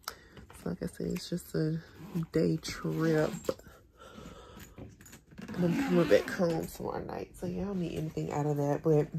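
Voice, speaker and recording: Woman, young adult, retainers in, gravelly, low-pitched, casual bedroom vlog. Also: warm tone, slight background noise. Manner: chatty, rambling, slangy. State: talking with retainers in. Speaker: lifestyle vlogger. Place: bedroom at home.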